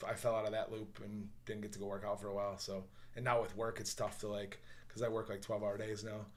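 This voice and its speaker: A man's voice: on the low side, little pitch movement, fast talker. A man in his forties, a podcast guest, chatting casually and laid-back with lots of swearing. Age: 40s. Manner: laid-back, swears often, laughs easily. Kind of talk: casual chat.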